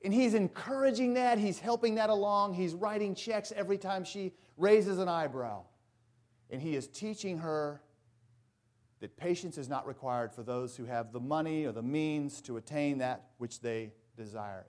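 A man's voice: mid-range voice, darkish tone. A male pastor preaching a sermon earnestly and with emphasis, mixing in folksy asides.

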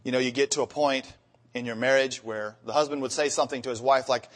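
A man preaching on marriage to his congregation, his voice at an ordinary middle pitch. He tells humorous stories about married life, then reads scripture with rising emphasis. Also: steady tone, quick pace, fairly bright tone. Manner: storytelling with acted-out marital dialogue. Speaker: pastor. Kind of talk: sermon.

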